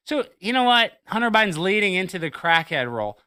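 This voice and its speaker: Animated high-pitched ranting man. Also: a little fast, clean tone, dry recording, clean studio sound.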